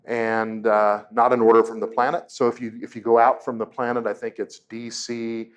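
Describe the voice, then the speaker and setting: A man lecturing an audience in a lecture room, his voice pitched in the middle range for a man. He tells stories with self-deprecating jokes and throws questions at the crowd. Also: little pitch movement, normal speed, smooth. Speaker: propulsion engineer giving a public talk. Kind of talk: humorous public lecture with anecdotes.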